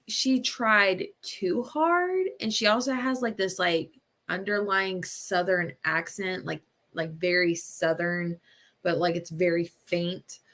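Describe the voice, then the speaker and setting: Slow, gravelly-voiced woman chatting on a stream. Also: lowish voice, fairly bright tone. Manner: slow, chatty, full of ums and laughs. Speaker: booktube host. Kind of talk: casual live-stream chat.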